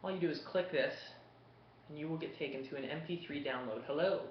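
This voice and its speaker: A man hosting a live fan chat, talking casually, excitable and swearing, shouting bursts and then mumbling while reading. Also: fairly high pitch, quick pace. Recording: dull lo-fi webcast audio with faint noise.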